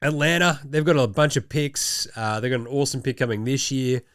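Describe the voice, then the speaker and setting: A man hosting a casual, sweary sports commentary show, full of sarcastic, animated rants. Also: medium pitch, a little fast, dry recording, studio quality. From Australia. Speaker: podcast host.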